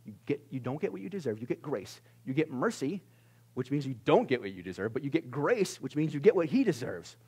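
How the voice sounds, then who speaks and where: A male pastor giving a conversational sermon in a church service, swinging from loud exclamations to hushed near-whispers and laughing at himself. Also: mid-range voice, sing-song, a little fast, breathy edge.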